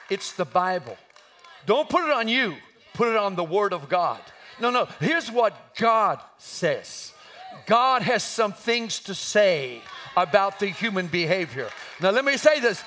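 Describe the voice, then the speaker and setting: A man preaching an impassioned sermon, building to shouts at the peaks of his points. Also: high-pitched.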